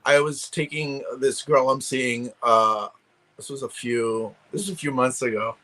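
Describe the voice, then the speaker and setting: A man's voice: medium pitch, a little slow, sharp tone, low-quality recording. Rambling New man on a call. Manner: rambling, many restarts and fillers. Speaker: guest collector. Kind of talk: casual chat.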